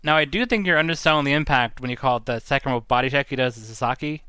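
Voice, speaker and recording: Guy with a bright clear voice breaking down a wrestling match, chatty and analytical. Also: medium pitch, fast, dry recording. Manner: thoughtful, analytical, uses vivid comparisons. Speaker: podcast co-host giving opinions. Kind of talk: casual chat.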